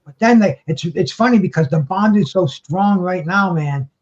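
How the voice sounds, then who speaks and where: A man's voice: sits high, normal speed. A man talking casually as a guest on a talk show, rambling with many restarts and casual swearing, heard over a dull lo-fi line. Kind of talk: casual chat. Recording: dull lo-fi sound.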